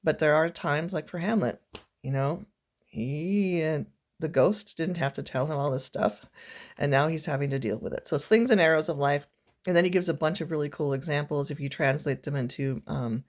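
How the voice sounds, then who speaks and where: A woman's voice: low-pitched, normal speed. A woman teacher giving a casual, chatty recorded lesson recap, talking informally with lots of fillers and self-corrections.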